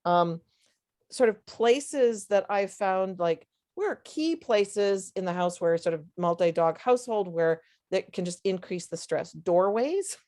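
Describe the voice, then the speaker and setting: A woman's voice: medium pitch, lively intonation, unhurried, darkish tone. A woman who fosters dogs, speaking on a casual webinar panel, hesitant, with many fillers and restarts. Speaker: dog foster volunteer on a panel.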